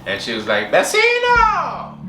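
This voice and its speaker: A man candidly telling his personal story in an interview, halting and full of fillers. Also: lowish voice, fairly even intonation. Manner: candid, halting, with many fillers and acted quotes. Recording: roomy distant mic with music behind.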